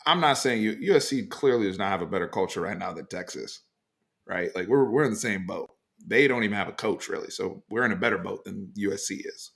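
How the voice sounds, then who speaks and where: A man hosting a casual sports talk show, giving emphatic opinions in a loose, animated way with frequent fillers. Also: fairly low pitch, a little fast, creaky. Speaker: sports podcast host.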